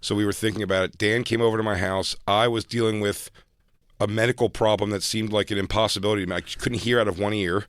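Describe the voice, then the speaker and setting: A man co-hosting a comedy talk show, telling a relaxed story with bursts of laughter. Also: fairly low pitch, fast, no room sound, studio quality. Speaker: co-host. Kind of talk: casual comedy chat.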